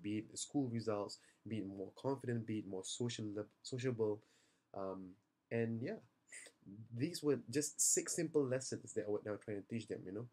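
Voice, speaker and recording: In a video message after a youth seminar, a tired young man with a fairly low, slightly mellow voice earnestly reassures parents. He speaks plainly and personally, with plenty of ums and restarts.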